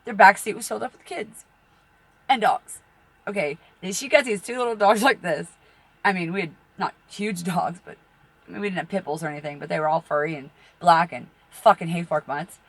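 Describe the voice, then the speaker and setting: A woman's voice: on the low side, a little fast, breathy edge. A middle-aged woman telling rambling personal stories, swearing freely and laughing at her own misfortunes. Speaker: tarot reader and channel host.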